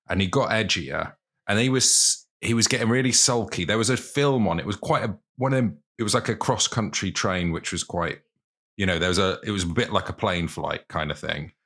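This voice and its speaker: A man's voice: low-pitched, moderate pace, fairly bright tone. A man co-hosting a podcast, chatting casually with dry, teasing remarks. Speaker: podcast co-host. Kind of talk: casual chat.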